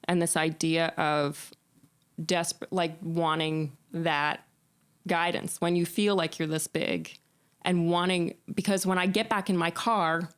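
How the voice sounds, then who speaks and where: A woman musician being interviewed, telling stories in an animated way, often laughing and restarting her sentences. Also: lowish voice, a little slow, clear, resonant tone. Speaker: musician guest. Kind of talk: casual interview chat.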